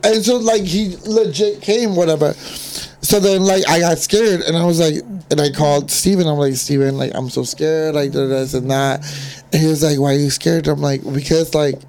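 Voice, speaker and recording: A young woman in casual chat among friends, telling a story in an animated, profane way. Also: low voice, moderate pace.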